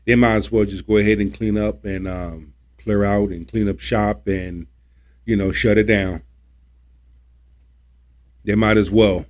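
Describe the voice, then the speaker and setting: A man's voice: lowish voice, fairly even intonation, a little slow, pauses often, darkish tone. A man hosting a livestream, ranting about politics in a preachy, repetitive, emphatic way and swearing when he gets worked up. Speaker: livestream host.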